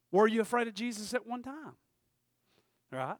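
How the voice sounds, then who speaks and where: A male pastor preaching a sermon, telling a story and swinging between loud and hushed. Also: high-pitched, big pitch swings, normal speed, long pauses, dry recording, clean studio sound.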